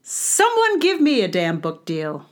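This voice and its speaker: A woman's voice: mid-range voice, wildly swooping pitch, unhurried. A woman hosting a casual book review monologue, ranting with sarcastic passion and wry asides. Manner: wry, conversational with fillers. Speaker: podcast host reviewing a book.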